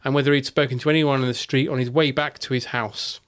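A man hosting a podcast, telling a true story in casual chat with wry, deadpan asides. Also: medium pitch, fast talker, smooth.

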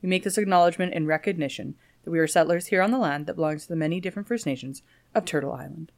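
A woman's voice: on the low side, very fast, gravelly. A woman, co-hosting a podcast in casual chat and telling stories playfully. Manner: playful, animated storytelling. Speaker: podcast co-host.

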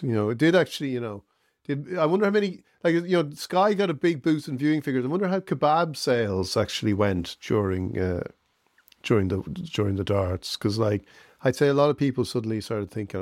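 A man co-hosting a podcast, thinking aloud in a hesitant, musing way with plenty of "uh" pauses. His pitch sits in the middle range for a man. The recording is close and dry. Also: expressive, a little mellow, dry recording. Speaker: podcast co-host. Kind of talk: casual chat.

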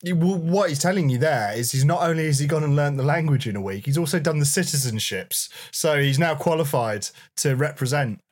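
A man's voice: fairly high pitch, animated, fairly quick, few pauses. A man co-hosting a comedy podcast, rambling hesitantly with fillers. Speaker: podcast co-host. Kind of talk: casual comedic chat.

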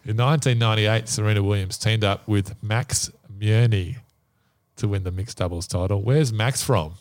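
A man's voice: fairly low pitch, moderate pace. A man hosting a casual podcast quiz, bantering and laughing with his guests. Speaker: quiz host.

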